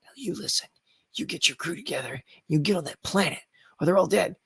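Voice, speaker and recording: A man putting on an overdramatic TV actor giving urgent orders in a breathy whisper, as whispered role-play. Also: high voice, fairly quick, a bit bright, no echo, full character voice. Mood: hushed urgent.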